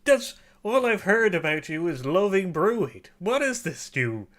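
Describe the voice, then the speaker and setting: A man's voice: high voice, big pitch swings, unhurried, a bit bright, heavily acted. A man voicing a loyal dwarf brewmaster, earnest and flustered as he pleads. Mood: pleading.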